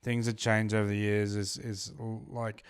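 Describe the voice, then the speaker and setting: A man in a casual chat, enthusiastic and quick to laugh. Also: lowish voice, level tone, clear, resonant tone. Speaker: podcast co-host.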